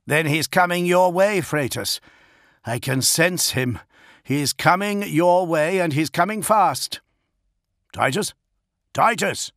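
A man's voice: on the high side, takes it slowly, fairly bright tone, dry recording, studio quality, voice pushed up. A man voicing a desperate male psychic warrior in an audiobook, giving an urgent, strained warning. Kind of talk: audiobook character voice.

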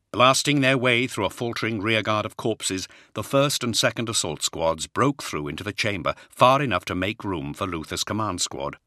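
A man's voice: sits low, dry recording, clean studio sound. A man reading a science-fiction war novel aloud as a scripted dramatic narration, lifting his voice for the battle cries. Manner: dramatic, raises voice for shouted lines. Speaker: audiobook narrator.

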